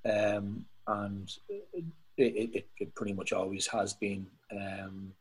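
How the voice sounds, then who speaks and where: Irish male poet, podcast guest; low, husky, reflective, halting delivery. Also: flat delivery, poor audio. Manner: reflective, hesitant with many restarts and fillers. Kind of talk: casual conversation.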